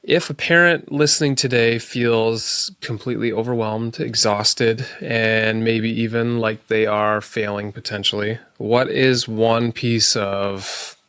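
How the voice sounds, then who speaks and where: A man speaks at an ordinary middle pitch in a dry, close recording with nothing around him. He co-hosts a podcast, asking questions in a relaxed, casual way. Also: slow, hardly any pauses, clear, resonant tone, no room sound. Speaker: podcast co-host.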